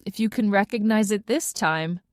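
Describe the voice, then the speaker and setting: A woman's voice: mid-range voice, normal speed, dry recording, natural voice. A woman reading the lines of a good-humored father who teases his daughter. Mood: teasing. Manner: dry, teasing.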